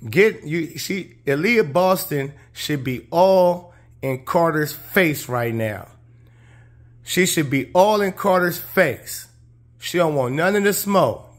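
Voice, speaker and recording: A man giving heated, indignant commentary while reacting to basketball footage, talking casually with slang and climbing loud and high when outraged. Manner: casual slangy speech, talks over game footage. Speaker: sports commentator.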